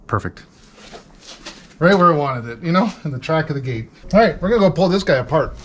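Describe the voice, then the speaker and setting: A man with a somewhat high voice talks casually as he works on a car. He keeps up a stream of playful jokes and asides, with a faint hum of ambience behind him. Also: lively intonation, fairly quick. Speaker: mechanic host. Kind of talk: casual talk while working. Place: garage.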